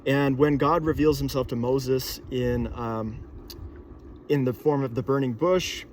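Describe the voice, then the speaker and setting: A young man thinking aloud in a casual monologue, pausing with fillers and restarting sentences often. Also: medium pitch, fairly even intonation, a little mellow, a little hiss or hum.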